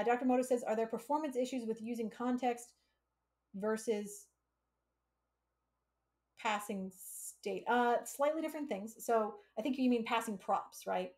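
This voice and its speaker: A woman's voice: fairly high pitch, darkish tone. A woman hosting a live coding stream, thinking aloud as she works and explaining with everyday analogies. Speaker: coding livestream host.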